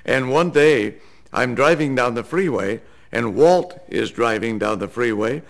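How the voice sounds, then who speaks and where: Older veteran voice actor, gravelly and animated, telling a story. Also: male voice, medium pitch, a little slow. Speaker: cartoon voice actor. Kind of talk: anecdote told to camera.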